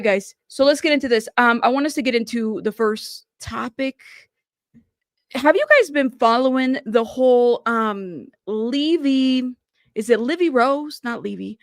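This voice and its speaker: A woman's voice: on the high side, vocal fry, no echo, clean studio sound. A woman hosting a casual live stream from home, chatty and apologetic, constantly thanking her viewers and calling them "y'all.".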